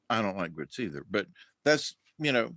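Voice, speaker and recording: A man's voice: lowish voice, bright, forceful tone. A man hosting a livestream, chatting casually and rambling with restarts and acted-out quotes, from the southern United States. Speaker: livestream host.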